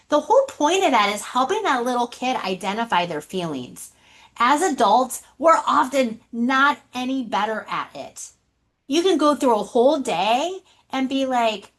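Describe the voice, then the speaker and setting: A woman presenting a leadership webinar on a video call, animated and asking her audience rhetorical questions. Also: on the high side, moderate pace.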